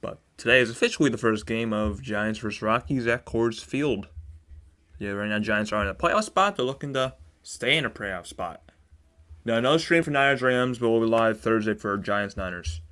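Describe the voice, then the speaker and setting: A man's voice: mid-range voice, expressive, normal speed, pushed and bright. Casual young man hosting a sports stream. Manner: casual, chatty, talks to chat viewers. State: sore throat, a bit monotone. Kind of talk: live baseball commentary stream.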